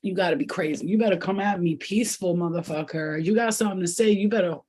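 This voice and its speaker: A woman's voice: fairly low pitch, fast, a little mellow, husky. A woman giving an intuitive spiritual reading to her viewers, rambling and repeating herself, then turning blunt, profane and fiery. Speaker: spiritual reader.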